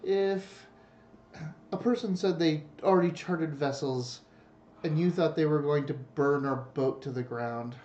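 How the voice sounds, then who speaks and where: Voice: mid-range voice, unhurried, mellow. A player at a tabletop role-playing game, talking in character with a wry, teasing manner. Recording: dull lo-fi home recording.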